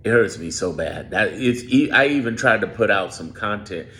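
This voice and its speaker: Speaking straight to his viewers off-script, a man delivers emphatic, repetitive political commentary, drawling his words. His lowish voice is animated, pushed and bright, at a moderate pace.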